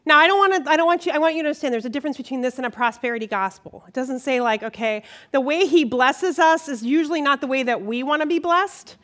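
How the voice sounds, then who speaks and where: A middle-aged woman giving a conversational sermon at a church gathering, animated and emotional, often checking in with her listeners. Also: high-pitched, quick pace, hardly any pauses. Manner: animated, emotional, frequent "okay?" check-ins. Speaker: women's ministry speaker.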